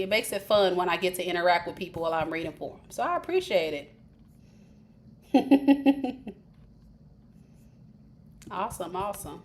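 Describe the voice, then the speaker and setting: A woman's voice: on the low side, animated, moderate pace, long pauses. Chatty woman tarot reader, roomy sound. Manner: chatty, informal, addresses viewers directly. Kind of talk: live-streamed tarot reading. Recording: roomy echo with faint hiss.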